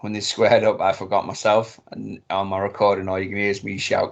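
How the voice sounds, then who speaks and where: A man co-hosting a casual podcast, telling a rambling, excitable story with some swearing. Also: on the low side, brisk, creaky, highs cut off. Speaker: podcast co-host. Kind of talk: casual chat.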